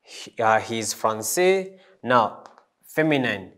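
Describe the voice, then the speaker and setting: Slow, hesitant man teaching a lesson. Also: on the low side, big pitch swings, fairly bright tone. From East Africa. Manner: slow, hesitant, many fillers and restarts. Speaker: French teacher. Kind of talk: classroom lesson.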